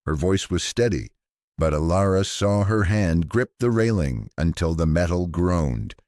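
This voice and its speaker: A man's voice: low voice, lively intonation, unhurried, darkish tone, no echo, clean studio sound. A man narrating a scripted sci-fi story in a grave, dramatic storytelling manner.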